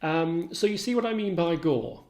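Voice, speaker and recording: A male literature tutor with a slightly high voice works through his points one by one in a steady, methodical lecture. The sound bounces around a roomy, echoey space. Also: moderate pace. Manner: methodical, listing facts one by one. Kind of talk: recorded lecture.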